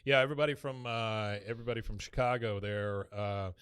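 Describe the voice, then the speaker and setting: A man's voice: on the low side, fairly quick, fairly bright tone, smooth, no room sound, studio quality. A man co-hosting a podcast, casually recapping a cartoon episode and often laughing as he retells scenes. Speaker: podcast co-host.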